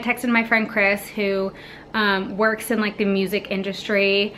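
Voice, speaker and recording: A woman's voice: mid-range voice, fairly even intonation, moderate pace, bright, forceful tone, a little hiss or hum. A young adult woman vlogger telling her trip story in a casual voice-over, chatty and full of fillers.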